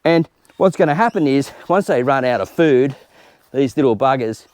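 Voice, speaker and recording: A man's voice: medium pitch, lively intonation, moderate pace, a little mellow, dry recording. An Australian man chatting informally while working in his garden, explaining as he goes in a casual gardening tutorial. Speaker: home gardener host. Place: outdoor home garden.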